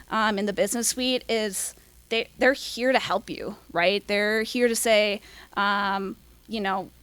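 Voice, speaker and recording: A young woman giving a casual workshop talk, quick and full of "um"s and "like"s. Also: on the high side, sharp tone, clean tone, no echo. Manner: quick, filler-heavy, apologizes for talking fast. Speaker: workshop presenter.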